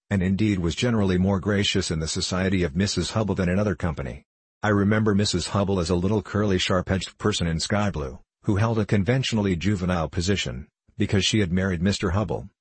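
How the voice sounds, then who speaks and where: Low, husky male narrator. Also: no echo. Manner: measured, first-person storytelling. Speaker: audiobook narrator. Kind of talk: scripted narration of a novel.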